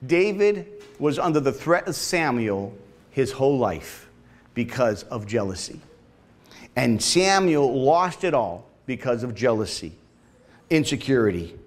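Unhurried and mid-range, this male pastor's voice swings widely in pitch. He preaches with a regional accent in a church sanctuary, chatting with the congregation and prompting them to respond.

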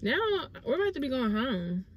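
A woman's voice: a little high, big pitch swings, normal speed. Young woman chatting in a noisy car. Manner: laid-back, playful, talks to viewers as y'all. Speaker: vlog co-host. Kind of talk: casual chat.

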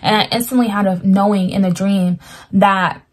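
Woman in the middle of the pitch range, casually retelling a dream and earnestly interpreting it, with loose, filler-heavy delivery. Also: steady tone, normal speed. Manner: rambling, lots of "like" fillers. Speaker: Christian dream sharer.

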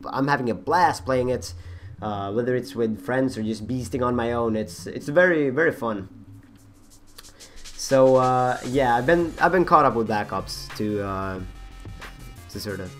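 Young male gaming host, husky and rambling, self-mocking, with faint background music. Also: medium pitch. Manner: rambling, self-mocking, many fillers and restarts. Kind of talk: rambling gameplay commentary.

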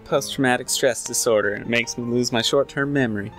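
A man's voice: mid-range voice, steady tone, fairly quick, fairly bright tone, faint music behind, natural voice. A man voicing a tough old woman who runs an Old West saloon, talking in a drawling frontier twang. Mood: folksy.

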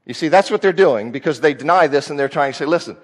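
A man's voice: a little high, animated, quick pace. A male preacher teaching a Bible passage in a conversational sermon, repeating key phrases for emphasis. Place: church sanctuary. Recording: long hall reverb.

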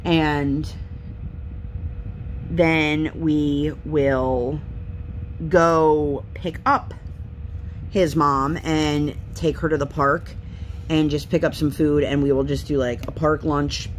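A woman's voice: deep voice, slow, a little hiss or hum. Chatty rambling woman vlogger. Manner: rambling, chatty, lively storytelling. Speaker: craft vlogger. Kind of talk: casual chat while crafting. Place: home.

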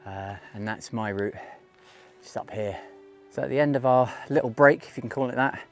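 A man's voice: mid-range voice, moderate pace, faint music behind. A man talking casually to the camera while hiking outdoors on a mountain trail, thinking aloud and joking at his own expense. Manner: chatty, thinking aloud, self-mocking. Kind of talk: casual walking vlog.

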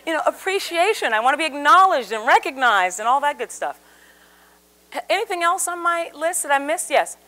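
Woman speaker, high pitch, bright tense tone, animated storyteller, live seminar. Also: brisk. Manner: animated storyteller, acts out quoted voices. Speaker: communication speaker. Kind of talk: live seminar talk with audience participation. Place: seminar room with live audience.

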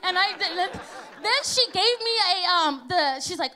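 A woman's voice: very high voice, very animated, normal speed, sharp tone. A woman preaching a conversational sermon, telling personal stories and often checking in with "you know" and "right?". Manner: chatty, storytelling, frequent "you know" and "right?". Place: church.

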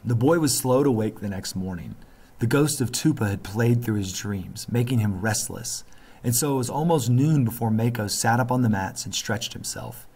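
A man reading a story aloud as a teacher, with steady narration and pauses to think aloud about the plot. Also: mid-range voice, husky. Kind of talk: classroom read-aloud.

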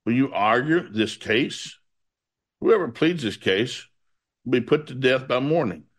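A man's voice: medium pitch, lively intonation, unhurried. A man preaching through a Bible passage, reading it aloud and breaking off into folksy asides.

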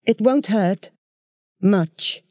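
Fedor, soft slow alien rat ruler, as a reader puts him on. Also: medium pitch, dry recording, studio quality, pitched above the performer's own voice. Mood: coldly calm. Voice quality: soft, cottony voice. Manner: slow, measured, menacing. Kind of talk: storybook audiobook acting.

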